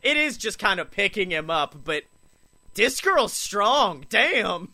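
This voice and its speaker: Young man, casual co-host, bright ringing voice, fairly high, jokey with quick impressions. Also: big pitch swings. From Alabama, US. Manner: joking, does quick impressions, swears. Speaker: podcast co-host. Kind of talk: casual chat.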